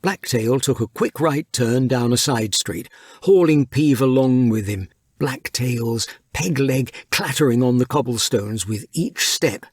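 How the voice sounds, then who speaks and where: Guy reading a pirate storybook aloud, husky voice, slow and bouncy, dry close mic. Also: medium pitch, no room sound. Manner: lively, unhurried reading. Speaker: audiobook narrator. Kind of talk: scripted storybook narration.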